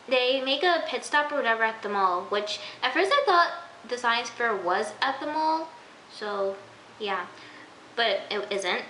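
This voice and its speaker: A woman's voice: a little high, pushed and bright, slight background noise. A woman casually recapping a TV episode for her vlog, chatty and full of "like", acting out her own reactions. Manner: chatty, lots of "like", acts out reactions. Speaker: TV episode reviewer. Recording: echoey room.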